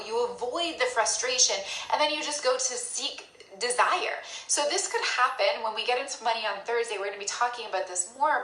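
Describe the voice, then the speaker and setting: A woman's voice: fairly high pitch, sharp tone. A woman coaching a group, talking animatedly and acting out the inner voices of her listeners. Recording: echoey room.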